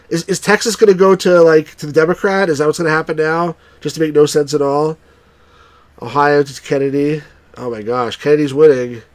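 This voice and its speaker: A man's voice: fairly high pitch, no echo. Chatty wry man streaming a game. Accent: New Jersey. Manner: chatty, wry, bursts into excited cheers. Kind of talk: live let's-play commentary.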